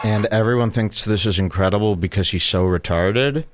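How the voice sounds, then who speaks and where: A man's voice: fairly low pitch, moderate pace. A man hosting a podcast, mocking clips he plays in a crude, rambling way. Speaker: podcast host. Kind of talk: casual commentary over clips.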